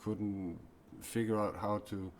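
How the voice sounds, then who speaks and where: A man speaking as a self-described mystic in an improvised live-stream talk, earnest and confessional, often pausing and restarting his sentences. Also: on the low side, fairly even intonation, a little hiss or hum.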